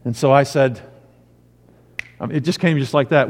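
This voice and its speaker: A man's voice: medium pitch, normal speed, pauses often. A man preaching a sermon as pastor, telling a personal story and rising into emphatic preaching. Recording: long hall reverb.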